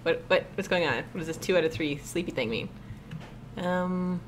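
A woman's voice: lowish voice, moderate pace, a little hiss or hum. A young woman chatting casually and giggling a lot while playing a survival game with friends. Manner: giggly, excitable, laughs a lot. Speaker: let's-play gamer. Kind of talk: casual gameplay chat.

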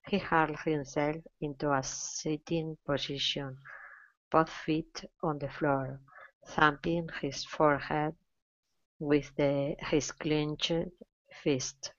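A woman with a low voice reads a story aloud to a class, going slowly and haltingly with little fillers. The recording is dry and dull. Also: steady tone, no room sound. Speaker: student reading aloud.

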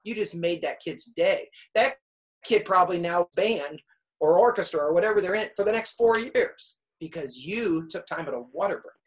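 Animated middle-aged man giving advice. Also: high-pitched, normal speed, poor audio. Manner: lively, animated storyteller acting out students. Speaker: music teacher and speaker. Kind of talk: casual advice talk.

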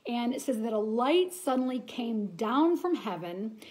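Brief: woman, fairly high voice, earnest chatty devotional teacher. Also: lively intonation, measured pace, a little mellow. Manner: earnest, chatty, with frequent restarts and reading aloud. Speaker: Bible study teacher.

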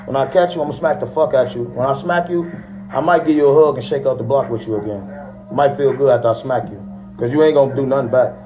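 A man's voice: mid-range voice, fast, dull audio, over music. A young man in a boastful, threatening trash-talking rant aimed at rivals. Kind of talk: taunting rant to viewers.

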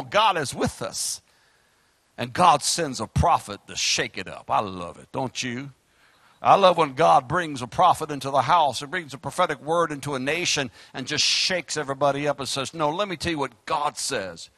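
A male pastor with a Southern US accent, preaching a fiery sermon and swinging from loud outbursts to quiet asides. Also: a little high, very animated, normal speed, husky, no echo. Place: church sanctuary.

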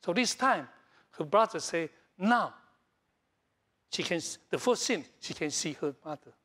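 A middle-aged man from Taiwan, a Taiwanese native speaker, preaching a sermon in broken English full of repeats and fillers, swinging between loud high bursts and soft low lines. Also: unhurried, slightly rough. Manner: animated, jumps between loud highs and soft lows. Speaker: pastor.

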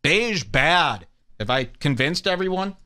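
A man's voice: on the high side, very animated, slow, bright, forceful tone. A man hosting a podcast, ranting in a mocking, bombastic comedic way. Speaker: podcast host. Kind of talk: provocative comedic rant.

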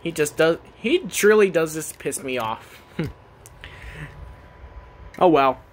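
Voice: mid-range voice, lively intonation, takes it slowly. A performer in a comedy skit, scolding and exasperated. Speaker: skit performer playing the son.

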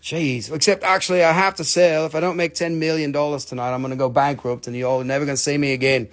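A man's voice: on the high side, steady tone, fast talker. A man hosting a live crystal sale stream in a casual, joking, rambling way, swearing freely and teasing himself. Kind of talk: casual live selling chat.

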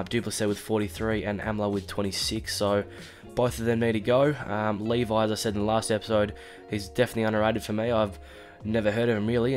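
An Australian man with a congested, stuffy voice from a cold, giving chatty let's-play commentary with lots of fillers and sudden excited outbursts. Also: on the low side. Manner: chatty, rambling with fillers, bursts into excited shouts at big moments. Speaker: gaming YouTuber.

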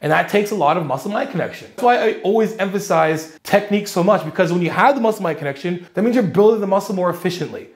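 A man coaching fitness in casual commentary, talking energetically with slang and thinking aloud. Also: high voice.

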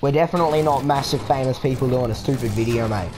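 A man's voice: mid-range voice, fast, background noise. A man chatting playfully in voice chat while gaming, putting on a broad Australian voice full of slang. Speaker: gamer trolling in voice chat.

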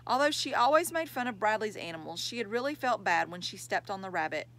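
Woman reader, children's novel, lively pitch, expressive. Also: fast talker, low-quality recording. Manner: expressive storytelling. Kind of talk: reading a children's novel aloud.

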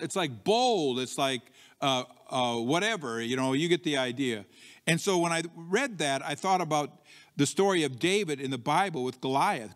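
A man preaching from the pulpit with a slightly high voice, his words trailing into the long reverb of a church hall. He talks like a storyteller, circling back and restarting, then jumps up in pitch to act out bold, defiant lines. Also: fairly bright tone. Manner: frequent restarts and "you know" asides, conversational. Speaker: pastor. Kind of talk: sermon. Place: church sanctuary.

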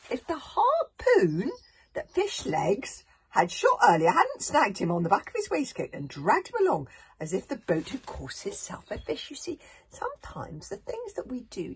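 Expressive woman reading a children's book. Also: medium pitch, slight background noise. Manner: expressive, drops to whispers, laughs at slips and adds asides. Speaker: reader.

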